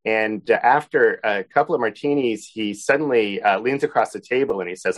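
A man's voice: lowish voice, brisk, hardly any pauses. A man being interviewed as an author, telling a friendly anecdote about how his book began. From Boston area. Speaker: author guest. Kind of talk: interview answers, storytelling.

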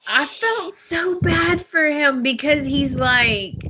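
A woman's voice: sits high, animated, slow, hardly any pauses, sharp tone, dull audio, a little hiss or hum. A woman co-hosting a podcast, chatting casually, giggling, and recapping the plot. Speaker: podcast co-host. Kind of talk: casual chat.

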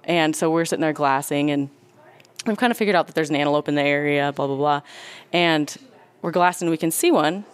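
A woman telling a hunting story in casual talk, animated, acting out what people said. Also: sits low, clean tone. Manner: animated, quick, acts out quotes. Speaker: guest storyteller; hunter and nurse.

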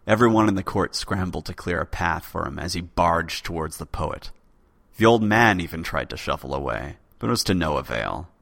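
Low-voiced guy reading a legend aloud, bright crisp tone, dry close sound. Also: animated, normal speed, dry recording. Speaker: podcast host narrator. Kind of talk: storytelling narration.

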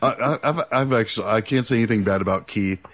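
Low-voiced man joking crudely on a podcast. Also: fast, crowd noise. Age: middle-aged. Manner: rambling, crude jokes, stammers on restarts. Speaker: podcast co-host. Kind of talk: casual banter.

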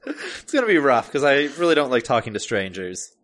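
A man talking casually as a podcast co-host. He hesitates often, restarts his sentences and leans on fillers. His humor is dry and deadpan, and his pitch rises and falls a lot. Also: brisk. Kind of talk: casual chat.

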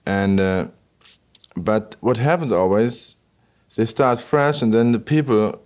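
A man being interviewed about his work as an electronic musician, answering in halting non-native English with constant "you know" fillers and many restarts. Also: lowish voice, darkish tone.

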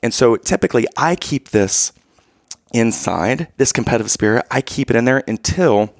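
A man telling a story in casual chat, animated, and often checking in with "okay?" and "right?". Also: medium pitch, normal speed, dry recording, studio quality. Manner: acts out quoted lines in raised voice.

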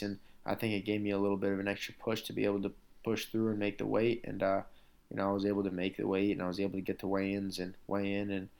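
A gravelly, low-sitting male voice belongs to a professional MMA fighter being interviewed. He shares career stories in a loose, wandering conversational way, filled with "like" and "you know."

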